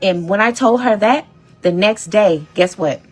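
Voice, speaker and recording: A woman's voice: medium pitch, a little slow, breathy edge, faint music behind. A woman content creator rambling and pleading to her followers in an emotional, profane rant. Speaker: social media content creator. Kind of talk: emotional direct-to-camera rant.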